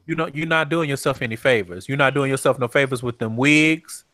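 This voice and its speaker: A man co-hosting a podcast recap in casual chat, blunt and profane, with animated rants. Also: mid-range voice, fairly quick, dry recording. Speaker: podcast co-host.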